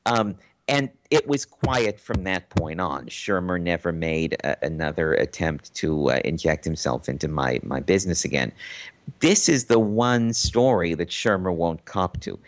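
Low-voiced man telling a story. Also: a little slow. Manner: animated, acts out quotes in a raised voice; frequent restarts and stammered repeats. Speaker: interview guest. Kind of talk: casual storytelling.

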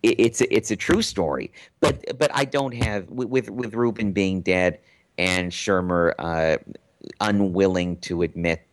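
A man recounting a personal story as an interview guest, animated and full of restarts and repeated words. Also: deep voice, unhurried. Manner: animated, acts out quotes in a raised voice; frequent restarts and stammered repeats. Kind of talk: casual storytelling.

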